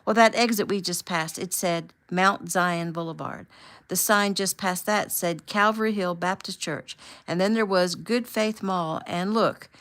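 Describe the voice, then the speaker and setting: A woman voicing an excited, talkative young woman from California in an audiobook, eager and chatty. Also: lowish voice, measured pace.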